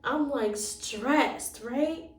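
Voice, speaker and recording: Woman doing a storytime vlog, animated, acts out the lines, kinda high voice, echoey room. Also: extremely slow. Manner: animated retelling, acting out the dialogue. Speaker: storyteller and relationship coach. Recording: roomy sound, voice from a distance from the mic.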